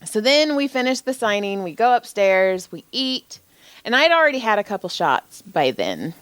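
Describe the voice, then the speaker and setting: A woman's voice: mid-range voice, very animated, normal speed, a bit bright, smooth, dry recording, studio quality. A woman co-hosting a podcast, an indie author chatting in a frank, self-deprecating way with lots of laughs. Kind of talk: casual chat.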